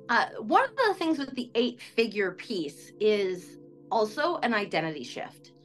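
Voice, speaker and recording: A woman's voice: medium pitch, a bit bright. A woman guest telling a personal story in a chatty, self-questioning way, with lots of "like". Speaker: interview guest. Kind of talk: casual storytelling.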